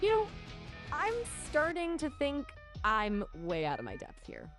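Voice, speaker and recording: A woman's voice: sits high, huge pitch swings, a bit bright, faint music behind. Playful synthetic woman chatbot voice. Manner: chirpy, playful, quick with quips. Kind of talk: casual chat.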